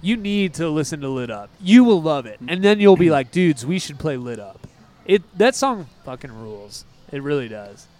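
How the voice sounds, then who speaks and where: A man with a fairly high speaking voice co-hosts a music podcast in loose, casual chat. He rambles with excitable energy and keeps wandering off into tangents before finding his way back. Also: moderate pace, hardly any pauses. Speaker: podcast co-host.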